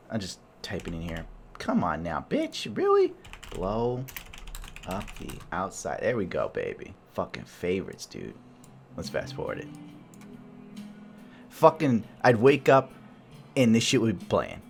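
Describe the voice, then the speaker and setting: A man's voice: on the low side, very animated, moderate pace. Profane rambling male podcaster. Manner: crude, profane, jokey and rambling. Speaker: podcast host. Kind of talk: rambling solo podcast monologue.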